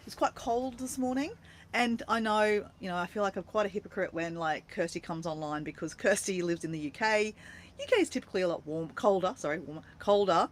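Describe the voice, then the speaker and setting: A woman's voice: medium pitch, fairly quick, a little hiss or hum. An Australian woman chatting casually on a livestream from her camper van, playful and talkative as she greets viewers. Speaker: vlogger greeting live viewers.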